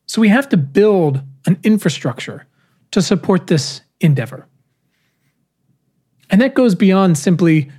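A speaker giving a prepared keynote talk, with measured, rhetorical phrasing and emphatic pauses. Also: mid-range voice, a little mellow.

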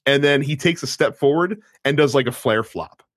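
A man casually recapping a wrestling show with a friend, telling it with animated energy and acting out the wrestlers' lines. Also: medium pitch, normal speed, dry recording, studio quality. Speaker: podcast co-host.

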